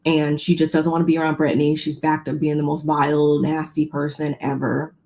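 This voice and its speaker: A woman co-hosting a casual recap chat, retelling scenes in an animated way with quoted voices. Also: deep voice, a little fast. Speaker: podcast co-host recapping a reality show.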